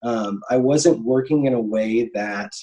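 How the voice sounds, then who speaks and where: A man in his thirties tells a long story as an interview guest, stopping and restarting with plenty of ums. His voice sits at an ordinary middle pitch, and he keeps the tone loose and conversational. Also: a little slow, warm tone, lo-fi sound. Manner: rambling, many ums and restarts. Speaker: animator guest.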